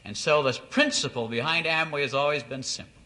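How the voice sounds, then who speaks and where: A company founder giving a motivational business speech to distributors, telling folksy stories and acting out the dialogue. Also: male voice, on the high side, a little fast, sharp tone. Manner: folksy storyteller, acts out quoted dialogue.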